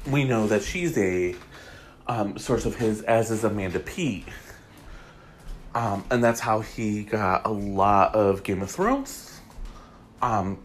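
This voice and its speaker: A man's voice: on the low side, slight background noise. A man hosting a casual gossip podcast, talking in a chatty way with frequent ums and reading items aloud. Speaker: podcast host.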